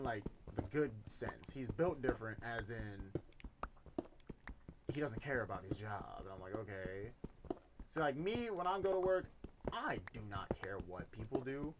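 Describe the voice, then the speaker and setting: Young male gamer, casual swearing storyteller, lively pitch, noisy home recording. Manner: rambling, swears a lot, animated retelling with quoted voices. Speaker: gaming YouTuber. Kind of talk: casual storytelling over gameplay.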